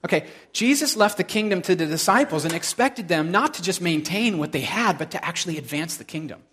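A man's voice: high-pitched, animated, brisk, a bit bright, husky. A middle-aged male pastor preaching a sermon in a casual, storytelling way, with frequent asides to the congregation.

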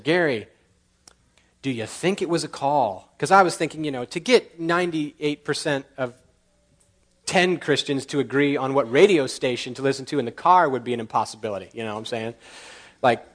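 A man preaching a sermon, telling personal stories with animated acted-out dialogue and laughing at his own jokes. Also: fairly high pitch, normal speed. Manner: animated, acts out dialogue in lively voices. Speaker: pastor. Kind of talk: storytelling sermon.

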